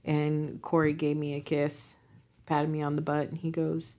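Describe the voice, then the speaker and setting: A woman in her forties co-hosting a podcast, telling animated stories in casual chat, acting out quotes and laughing often. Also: sits low, measured pace. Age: 40s. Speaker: podcast co-host.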